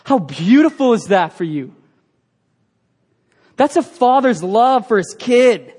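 A man's voice: very high voice, big pitch swings, slow pace, a little mellow, breathy edge. A man preaching a sermon as pastor, earnest and emphatic, asking the congregation rhetorical questions.

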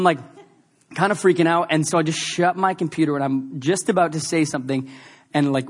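Male pastor, high voice, emphatic sermon delivery with repeated lines and a chatty story mode.

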